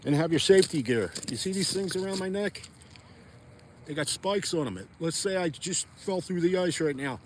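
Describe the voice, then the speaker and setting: A man's voice: a little high, animated, normal speed, slight background noise. A chatty, folksy man vlogging outdoors on a frozen lake, talking straight to his viewers. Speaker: fishing vlogger. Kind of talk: casual outdoor vlog talk.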